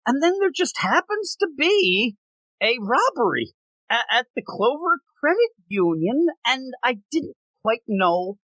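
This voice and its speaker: Lively, bright-voiced man co-hosting a podcast. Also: extremely high pitch, no room sound, low-quality recording. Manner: animated, laughs a lot, acts out quick character voices. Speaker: podcast co-host. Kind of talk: casual chat reviewing comics.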